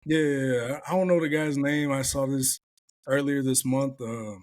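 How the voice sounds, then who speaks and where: A man's voice: medium pitch, fairly even intonation, normal speed, a little mellow. Blunt, profane man chatting. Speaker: podcast host. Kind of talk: casual chat.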